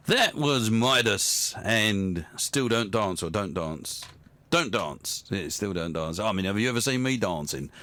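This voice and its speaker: A man's voice: on the low side, expressive, unhurried, pushed and bright, dry recording. A man hosting a radio show, telling rambling anecdotes in casual chat and chuckling along.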